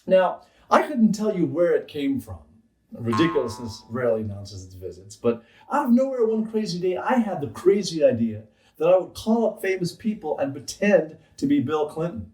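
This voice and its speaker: A man's voice: a little high, big pitch swings, normal speed, darkish tone. A man, a comedian, narrating a comic story in a playful, wry way. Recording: roomy, distant mic. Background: faint background music.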